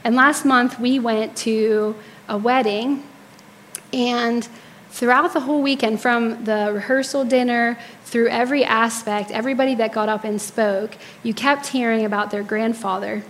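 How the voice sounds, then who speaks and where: A woman's voice: on the high side, steady tone, moderate pace, a little hiss or hum. A woman in her thirties preaching a sermon to a congregation, telling personal stories and acting out the quotes with animation. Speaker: speaker at church service.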